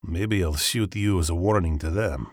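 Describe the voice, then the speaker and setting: A man's voice: low-pitched, moderate pace, a little mellow, no room sound, studio quality. A man voicing a hostile middle-aged Russian ex-colonel in hiding, with a Russian accent, curt and menacing, in an audiobook. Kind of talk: audiobook character reading.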